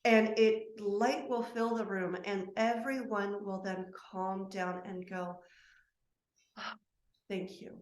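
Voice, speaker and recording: A woman with a mid-range voice and a steady tone speaks slowly with few pauses, in an echoey room. She's an interview guest, a soul constellation practitioner, sounding earnest, heartfelt and emotional as she talks in spirited bursts.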